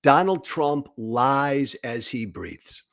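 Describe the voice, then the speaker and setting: A man's voice: medium pitch, lively intonation, slow, gravelly, a bit bright. A man hosting a political commentary show, talking bluntly and candidly, often repeating words for emphasis. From United States. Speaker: podcast host and political commentator.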